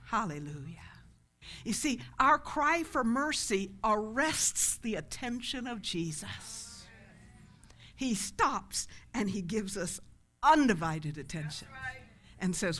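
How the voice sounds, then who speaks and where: A woman pastor preaching a sermon, shifting from loud impassioned cries to soft, hushed words. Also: fairly high pitch, animated, unhurried. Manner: quotes prayers in an impassioned pleading voice.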